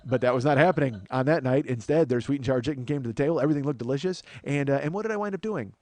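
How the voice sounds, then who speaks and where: A man's voice: mid-range voice, racing, darkish tone, dry recording. A man hosting a podcast, delivering a comedic monologue in a profane, ranting, self-mocking way and calling his listeners folks.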